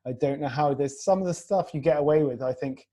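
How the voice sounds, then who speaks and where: On a video call podcast, a man from Iraq who hosts the show and coaches fitness tells stories in a casual chat full of laughter. He speaks a little fast, with a mellow, slightly high voice.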